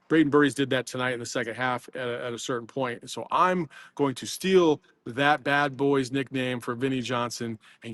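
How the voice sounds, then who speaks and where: A man's voice: medium pitch, fairly bright tone, no echo. A man talking basketball as a guest analyst on a postgame show, loose and rambling with plenty of fillers. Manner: rambling, loose, laughs often. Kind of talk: casual postgame chat.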